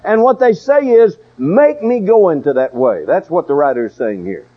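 A man's voice: fairly high pitch, lively intonation, normal speed, slightly rough, dull audio. An older man preaching a sermon in a folksy, emphatic way, with storytelling asides.

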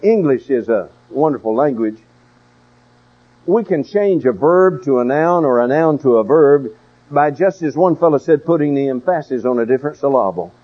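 A man's voice: medium pitch, expressive, moderate pace, lo-fi sound. An older man preaching a sermon in a folksy, emphatic way, with storytelling asides.

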